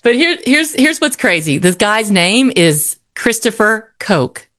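A woman's voice: mid-range voice, sing-song, measured pace, a bit bright. A woman co-hosting a radio morning show, telling celebrity gossip in a chatty, wry way and laughing easily. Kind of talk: casual showbiz gossip chat. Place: radio studio.

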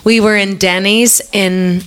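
Northern Irish woman musician, lively storyteller, laughs easily, casual chat. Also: mid-range voice, takes it slowly. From Northern Ireland. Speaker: musician guest.

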